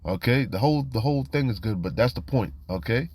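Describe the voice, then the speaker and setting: A man's voice: mid-range voice, animated, brisk, a little mellow. A man teaching from scripture in a casual, streetwise way, reading verses aloud and commenting with frequent "you know" and "man". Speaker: preacher.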